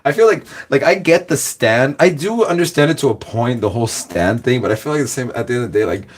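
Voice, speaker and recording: A fast-talking man with a medium-pitched, animated voice hosts a reaction video from Los Angeles. He chats casually and rambles, stuffing "like" into every phrase and laughing often.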